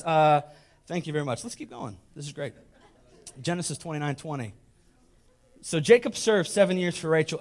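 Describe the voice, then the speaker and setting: A young man delivers a comedic sermon in a high voice. His pitch leaps around as he jokes and teases, talking straight to the people in front of him. The tone stays playful and informal. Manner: playful, teasing, talks straight to the congregation. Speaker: preacher.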